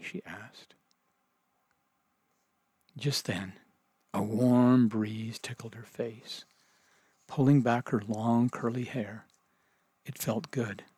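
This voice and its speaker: A man reading a children's story aloud as narrator, in gentle, measured storytelling. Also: mid-range voice, breathy edge, dry recording.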